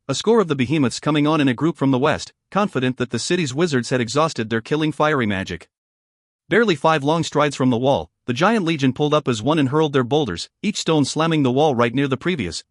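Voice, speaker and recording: A man narrating a fantasy audiobook in a dramatic, steady storytelling manner. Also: on the high side, no echo, clean studio sound.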